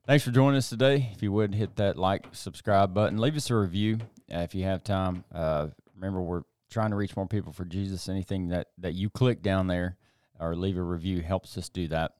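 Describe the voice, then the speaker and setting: A man's voice: low-pitched, steady tone, brisk, few pauses, darkish tone, clean tone, no room sound, studio quality. A man co-hosting a casual faith podcast, easygoing and upbeat as he wraps up the show. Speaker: podcast co-host.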